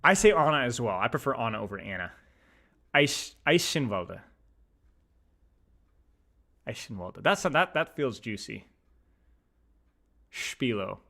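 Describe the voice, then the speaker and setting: A man's voice: mid-range voice, unhurried, gravelly, long pauses. A young man streaming, chatting casually while reading words aloud and flaring into mock outrage. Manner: animated, flares into mock-outraged shouting. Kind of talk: casual pronunciation chat.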